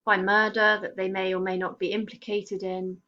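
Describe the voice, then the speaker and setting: A woman walks her students through a poem line by line. She explains each image at a measured pace and leans hard on the words that matter. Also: mid-range voice, level tone, bright, forceful tone, lo-fi sound. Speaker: teacher. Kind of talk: poetry lesson, explaining text.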